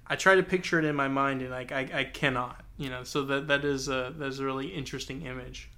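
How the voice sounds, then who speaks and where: Bright-voiced rambling podcast host. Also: male voice, mid-range voice, fairly even intonation, fast talker. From Texas. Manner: rambling, many "like" fillers. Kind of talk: casual book discussion.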